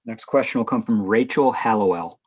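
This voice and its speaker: A male moderator briskly announcing each reporter in turn at a press conference. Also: on the low side, husky. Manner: brisk, formal. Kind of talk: announcing the next questioner. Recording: dull lo-fi stream audio.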